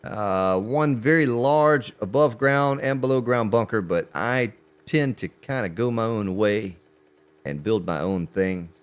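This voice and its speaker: A man's voice: a little slow, smooth. A man streaming a survival game live, chatting with his viewers as he plays. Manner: animated, pitch jumps on exclamations. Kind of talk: live gameplay commentary.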